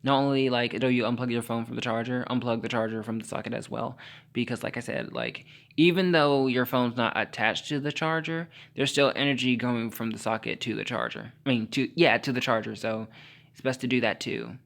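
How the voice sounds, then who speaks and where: A young man in his teens hosting a late-night solo podcast, rambling sassily, peppering every phrase with "like" and "honey", stumbling over his words with caffeine jitters and jumping into high, squealing mock-outrage. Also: brisk, creaky, a bit bright. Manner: sassy, rambling, heavy use of "like" and "honey".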